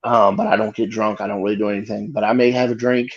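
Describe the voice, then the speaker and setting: A man, a guest comedian, telling a story in casual chat with lively, freely swearing delivery. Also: on the low side, fast talker, muffled recording. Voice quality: animated retelling, swearing freely.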